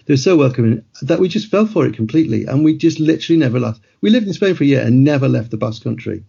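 A middle-aged man spins loose, rambling anecdotes in casual conversation. His voice is mellow and gravelly with a husky edge. The audio is muffled and lo-fi. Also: medium pitch, lively intonation, very fast. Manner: rambling anecdotal storyteller, laughs mid-sentence. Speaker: guest author.

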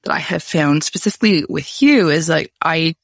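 A woman's voice: deep voice, expressive, normal speed, no room sound, studio quality. A woman hosting a podcast interview, chatty and casual, with many "like" fillers. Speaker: podcast host.

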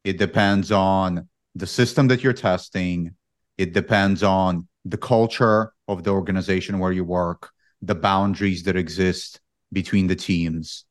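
A man's voice: sits low, steady tone, unhurried, dry recording, clean studio sound. A man speaking as a podcast panelist in a casual discussion, hesitant and often repeating his words.

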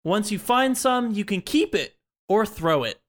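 A man's voice: sits high, animated, unhurried. A young man hosting a casual chat, reading out quiz items and laughing often. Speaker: quiz host.

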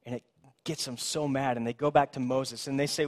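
A man's voice: medium pitch, brisk. A man preaching a sermon in a conversational way, acting out the figures in the story with sarcastic emphasis. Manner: animated, acts out the voices in the story with sarcastic emphasis; conversational, self-described as a bit of a smart aleck. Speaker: pastor.

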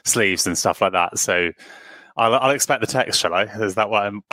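A man's voice: on the low side, normal speed, bright, forceful tone, no room sound. A man hosting a casual interview, asking rambling questions and cracking jokes. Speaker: podcast host.

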